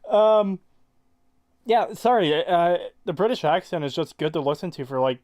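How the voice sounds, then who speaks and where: A co-host chats casually on a podcast, asking sarcastic, puzzled questions and swearing now and then. The voice sits at a middle pitch. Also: expressive, moderate pace, a little mellow. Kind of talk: casual chat.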